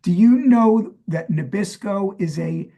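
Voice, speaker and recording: A man's voice: sits high, slow pace, vocal fry, warm tone. A middle-aged man from New Jersey co-hosting a podcast, chatting loosely and quizzing his partner with plenty of fillers. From New Jersey, USA. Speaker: podcast co-host. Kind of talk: casual chat, trivia quiz.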